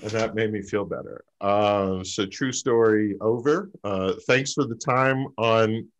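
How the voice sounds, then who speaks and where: A man doing a stand-up story over a video call, halting, with lots of fillers and pauses. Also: lowish voice, steady tone, highs cut off, slight background noise. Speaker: stand-up comic.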